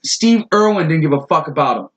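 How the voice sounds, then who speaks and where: A man's voice: a little high, lively intonation, normal speed, dull audio, slight background noise. A man co-hosting a crude comedy podcast, ranting with lots of swearing. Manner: profane, ranting, slips into silly animal voices. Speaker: podcast co-host.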